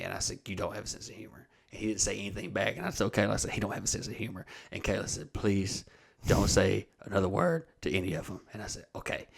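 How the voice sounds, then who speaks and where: A man with an Alabama Southern accent tells a rambling, profane comedic story as a podcast host. His voice sits a little low, and he acts out each line of dialogue in casual chat. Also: creaky. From Oxford, Alabama. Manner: profane, rambling, animated retelling of conversations.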